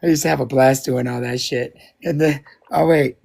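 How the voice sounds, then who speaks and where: A man's voice: medium pitch, steady tone, normal speed, vocal fry, darkish tone. A man co-hosting a live stream in casual chat, joking, swearing often and laughing at himself.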